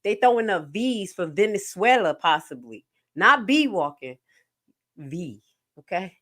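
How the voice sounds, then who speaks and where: Animated woman host talking to viewers. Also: medium pitch, moderate pace. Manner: animated, talks straight to viewers. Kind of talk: commentary over a played interview.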